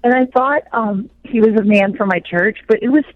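Rambling comic mom on a muffled line. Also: female voice, on the high side, slight background noise. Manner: fast, rambling, self-deprecating jokes. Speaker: comedian and regular correspondent. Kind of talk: comic storytelling on a call-in segment.

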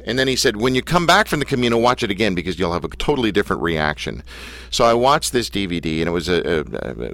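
Give me a male show host with a lowish, lively voice who rambles and teases playfully. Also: no room sound. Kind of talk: casual joking interview.

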